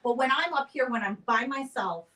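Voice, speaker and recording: A chatty woman in her forties tells stories in a relaxed, casual way, acting out the voices of the people in them. She sits back from the mic, so her voice sounds a little distant in the room. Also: sits high, brisk. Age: 40s. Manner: chatty storyteller, acts out quotes. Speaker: building owner. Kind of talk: casual chat.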